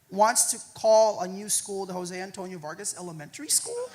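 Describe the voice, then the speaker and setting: A man speaking at a university lecture hall, answering audience questions in a lively, joking way and often tagging his points with "right?". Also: high-pitched, normal speed, heavy background noise. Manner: animated, joking, keeps adding "right?". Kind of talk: public talk Q&A.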